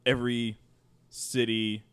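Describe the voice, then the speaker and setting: A man on a casual podcast, talking in a wry, deadpan way. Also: medium pitch, slow, clean tone, dry recording. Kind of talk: casual chat.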